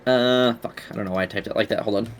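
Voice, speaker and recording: A man's voice: fairly low pitch, steady tone, fast, slight background noise. A man running a tabletop game as game master, talking casually with profane asides.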